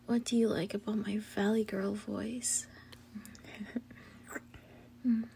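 Slow and level in tone, this medium-pitched woman whispers in a role-play as a playful, teasing girlfriend. The audio role-play performer's breathy delivery includes gentle hums and giggles, over a faint hiss or hum.

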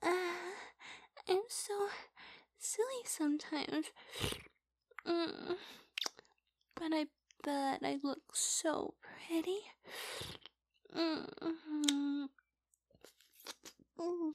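A woman in a whispered role-play as a girlfriend, giggly and teasing, speaking softly into a close mic. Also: sits high, very slow, pauses often, dry recording. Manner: giggly, teasing, soft-spoken.

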